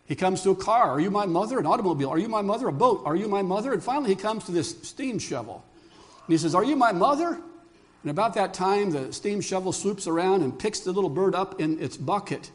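High-voiced older man preaching a sermon. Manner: animated storyteller who asks the congregation questions. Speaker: pastor.

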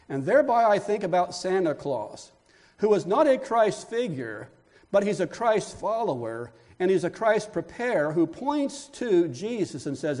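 A man with a notably high voice delivers a sermon from the pulpit. He leans on repetition, coming back to the same lines again and again to drive each point home. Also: lively intonation, moderate pace, a little mellow. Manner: preaching with emphatic repetition. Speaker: pastor.

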